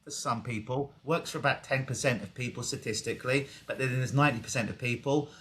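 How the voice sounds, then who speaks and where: A man's voice: medium pitch, fast, fairly bright tone. Joking Englishman with an English accent. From England. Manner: vivid, joking storyteller, swears casually. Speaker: clinical hypnotist guest. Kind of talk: casual interview talk. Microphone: video call.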